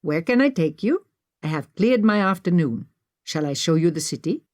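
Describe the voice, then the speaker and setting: A woman's voice: on the low side, expressive, a little mellow, close to an everyday voice. Virage, a woman doing an Indian-accented man. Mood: effusive. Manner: slow, effusive, formal politeness. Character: friendly middle-aged Indian man, a warm driver.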